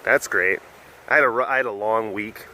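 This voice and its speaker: A man's voice: on the low side, moderate pace, pushed and bright. Chatty young man telling stories. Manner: chatty, often acts out other voices, laughs a lot. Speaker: big cat sanctuary vlogger. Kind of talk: casual rambling storytelling. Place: outdoors at a big cat enclosure.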